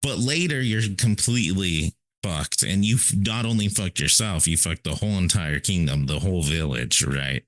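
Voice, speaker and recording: A man's voice: low voice, expressive, normal speed, hardly any pauses, a bit bright. A man co-hosting a podcast in casual, rambling philosophical chat, often checking in with "right?". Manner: rambling, emphatic, repeats "right?". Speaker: podcast co-host.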